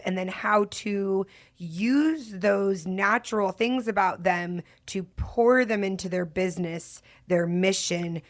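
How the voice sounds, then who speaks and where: Bubbly, effusive woman podcast host. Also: on the low side. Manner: bubbly and effusive, laughs often. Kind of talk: casual podcast chat.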